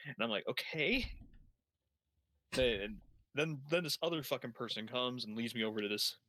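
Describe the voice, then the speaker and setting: A man's voice: mid-range voice, fast talker, bright, forceful tone, no echo. A young man telling a long story while playing a game, rambling, swearing heavily and restarting his sentences. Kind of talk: casual profane storytelling while gaming.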